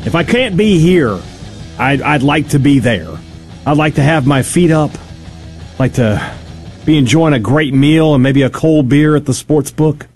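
A man's voice: on the high side, a little slow, husky, soft background music. A man hosting a sports radio show from a studio, joking and bantering with his co-host. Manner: lively, joking, reads ads conversationally.

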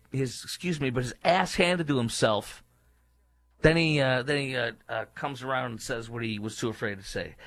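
Man, political commentary host, indignant rant, loud outbursts and low mutters, mid-pitched voice, dry close sound. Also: dry recording. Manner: indignant, emphatic ranting with sudden jumps in pitch and loudness; drops to low, muttered asides. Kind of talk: opinionated monologue.

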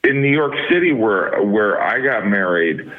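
A man's voice: fairly low pitch, animated, measured pace. A middle-aged man as a comedian guest in a casual interview, rambling with many fillers over a phone line.

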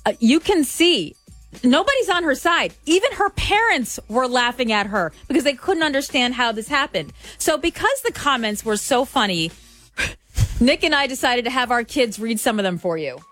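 Female radio co-host, upbeat chatty read, slightly high voice. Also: moderate pace, faint music behind. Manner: animated, laughing, mimics kids. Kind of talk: casual chat.

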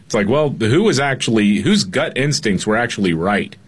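A male co-host on a talk show, sarcastic and quick to laugh. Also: lowish voice, big pitch swings, slightly rough. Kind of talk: casual political talk show.

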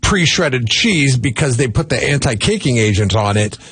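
A man's voice: medium pitch, animated, normal speed, fairly bright tone, husky, no echo. A man co-hosting a radio morning show, chatting casually on air in an opinionated, jokey way and often restarting his sentences. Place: radio studio.

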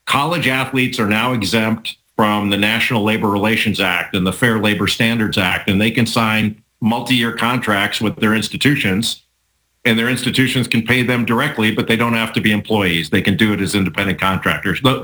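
A man talking through a legal argument in a casual sports debate, measured with frequent restarts. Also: lowish voice, pushed and bright, low-quality recording.

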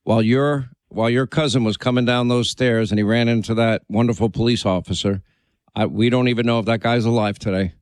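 Urgent talk radio host, dry studio sound. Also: male voice, medium pitch, steady tone, brisk, a little mellow, no echo. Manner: emphatic, urgent, repeats for emphasis.

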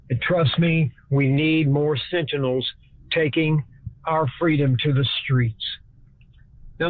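A man's voice: fairly high pitch, dry recording. Man talking in a thin phone-like sound. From Texas. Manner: folksy speech-like delivery, shifts between slow and fast. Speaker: host. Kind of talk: scripted talk.

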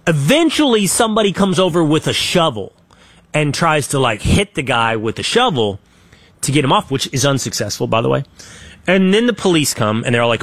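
A man hosting a political talk show, giving opinionated commentary and acting out quotes in an animated way. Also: on the high side, a little fast, no room sound. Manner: animated, acts out quotes in his own voice, trailing restarts.

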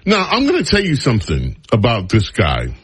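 A man's voice: mid-range voice, huge pitch swings, moderate pace, husky. A man hosting a talk radio show, speaking in a casual way and teasing his studio crew in wry banter.

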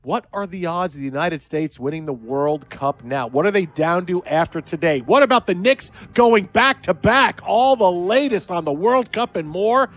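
A man hosting sports talk radio, telling stories in an animated, chatty way. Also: high voice, moderate pace, hardly any pauses.

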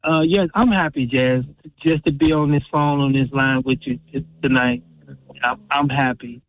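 A man calling in to a radio show, speaking warmly and affirmingly, often halting and restarting. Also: medium pitch, fairly even intonation. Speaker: caller. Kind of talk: call-in talk radio. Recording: tinny phone line.

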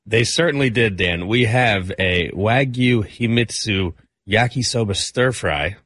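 Easygoing man with a lowish voice. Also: unhurried, fairly bright tone, no room sound, studio quality. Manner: easygoing, stubborn, joking. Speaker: show regular, producer. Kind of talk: casual studio banter.

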